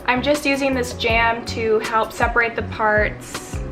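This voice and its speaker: A woman's voice: on the high side, steady tone, unhurried, music in the background. A young woman with a Midwestern American accent, talking casually to camera in a rambling, chatty way that restarts mid-thought. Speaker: beauty vlogger. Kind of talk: casual vlog talk to camera.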